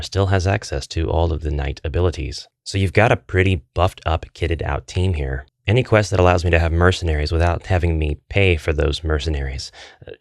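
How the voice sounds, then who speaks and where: A man's voice: deep voice, no echo, clean studio sound. A middle-aged man chatting casually through a board game quest, joking with dad jokes as he goes. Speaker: board game channel host.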